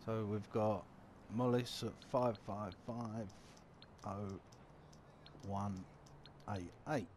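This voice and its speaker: A man's voice: lowish voice, steady tone, very slow, darkish tone, slight background noise. A man giving casual, crude, joking commentary over a video game, muttering as he reads things aloud. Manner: mutters while reading numbers aloud. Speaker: gaming commentator.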